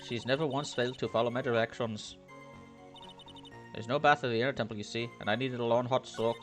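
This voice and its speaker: A man voicing an elderly head nun with a back complaint, in a lilting put-on Irish accent, gentle and motherly. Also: mid-range voice, steady tone, a little fast, music in the background, lightly acted. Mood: patient.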